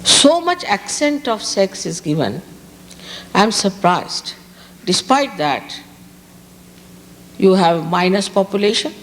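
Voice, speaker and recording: A woman's voice: medium pitch, very animated, slow, long pauses, in a large hall, a little hiss or hum. A woman from India, giving a spiritual talk to an audience and stressing her points by repeating key words. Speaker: spiritual teacher. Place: outdoor park gathering.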